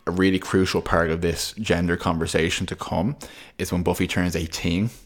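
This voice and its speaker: A man's voice: low voice, level tone, normal speed. A man co-hosting a podcast, talking at length in casual, thoughtful analysis with frequent restarts. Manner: talkative, thoughtful, many restarts. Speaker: podcast co-host.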